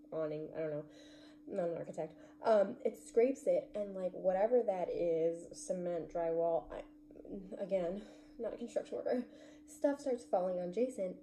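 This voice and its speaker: A woman recaps a TV episode in a loose, gushing chat, filling her sentences with "like". Her voice sits fairly low and sounds very dark and mellow. A faint hum runs underneath. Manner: chatty, gushing, heavy use of "like". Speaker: TV recap vlogger.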